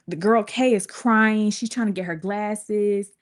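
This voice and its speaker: A woman in her thirties telling a personal story to her viewers in casual, colloquial talk, with her pitch jumping up when she acts out quotes. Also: slow, hardly any pauses. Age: 30s. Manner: lively, colloquial, swings into high acted voices for quotes.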